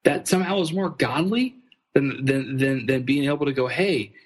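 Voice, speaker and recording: A man being interviewed as a ministry fundraising trainer, telling earnest, animated stories with frequent restarts. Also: medium pitch, moderate pace, husky. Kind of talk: conversational storytelling interview.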